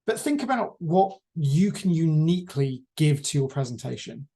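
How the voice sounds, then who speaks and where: A man teaching a class on presentation skills, lecturing in a measured way with deliberate pauses. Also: on the high side, expressive, mellow.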